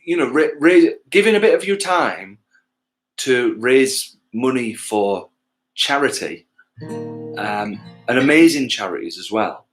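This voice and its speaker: Male musician from England, livestream host, mid-pitched, loose and rambling, casual swearer, self-deprecating. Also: lively intonation, unhurried, soft background music. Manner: rambling, loses his thread, swears casually, self-mocking. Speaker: musician hosting a livestream gig. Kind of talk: casual chat to livestream viewers.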